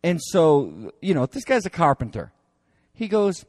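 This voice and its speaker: A male lecturer tells stories in a chatty, animated way, full of fillers and restarts. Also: fairly high pitch, a little slow, dry recording, clean studio sound. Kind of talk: storytelling lecture.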